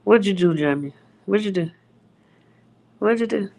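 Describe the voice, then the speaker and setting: A woman's voice: mid-range voice, normal speed, creaky, darkish tone, rough recording. A woman hosting a casual livestream, greeting viewers by name in a playful drawl. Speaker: livestream host.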